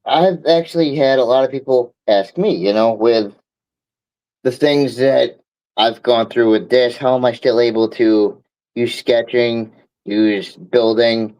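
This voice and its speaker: A man's voice: medium pitch, measured pace, darkish tone, rough recording. A man hosting a casual chat who talks in a frank, laid-back way and swears freely. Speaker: stream host.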